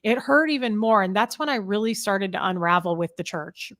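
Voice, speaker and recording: A woman's voice: mid-range voice, expressive, a little fast, a bit bright. A woman speaks as an interview guest, her talk loose and rambling with plenty of "like" and "um". She sounds emotional and earnest as she tells her story.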